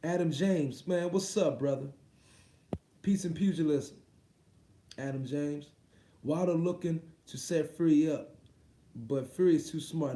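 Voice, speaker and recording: A man's voice: a little high, warm tone. A man hosting a boxing livestream, ranting casually in a profane, rambling way full of repeats. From United States. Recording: roomy echo.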